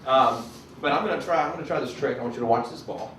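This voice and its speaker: A man's voice: medium pitch, quick pace, very noisy. A man from South Carolina with a Southern accent doing a chatty, self-deprecating stand-up comedy set on a club stage. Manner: chatty, self-deprecating, bursts into loud announcer voices. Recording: echoey club from a distant camera.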